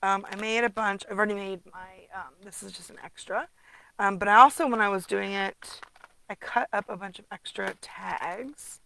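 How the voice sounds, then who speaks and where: Woman, craft tutorial, chatty, humming asides, gravelly voice, mid pitch. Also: moderate pace, bright, forceful tone, a little hiss or hum, rough recording. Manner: chatty, hums to herself, mutters asides. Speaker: craft demonstrator. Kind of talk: casual card-making tutorial.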